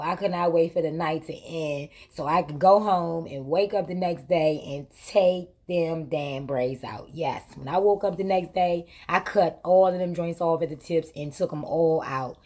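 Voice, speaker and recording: Speaking at normal speed in a deep voice, a woman shares a story on her own vlog. She keeps it colloquial with vernacular grammar, repeating herself for emphasis and bringing quoted conversations to life.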